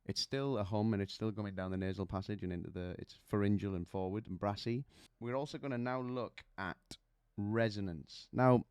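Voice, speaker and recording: A man's voice: fairly low pitch, fairly even intonation, moderate pace, few pauses, darkish tone, clear, resonant tone, dry recording. A man coaching singers, explaining vocal technique with images and questions to the listener.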